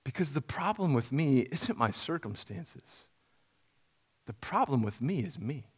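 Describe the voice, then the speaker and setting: A man in his thirties, a pastor, preaching a sermon in an earnest voice that builds to emphatic repetition and drops to quiet, soft lines. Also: medium pitch, big pitch swings, measured pace, husky.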